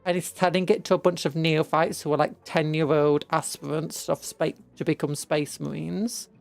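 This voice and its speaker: A young British woman streaming a game, rambling through an animated story retelling with casual asides. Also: deep voice, normal speed, vocal fry, faint music behind. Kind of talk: casual chat while playing a game.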